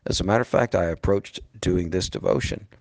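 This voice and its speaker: Gravelly low-voiced male preacher. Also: a little fast, darkish tone, no room sound. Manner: earnest and emphatic, calls listeners "beloved". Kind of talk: sermon.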